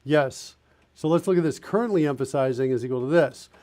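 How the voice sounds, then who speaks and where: The recording carries a little hiss or hum as a man with a slightly high, darkish voice speaks fairly quickly. During his live coding stream he thinks aloud while typing, casually narrating and self-correcting.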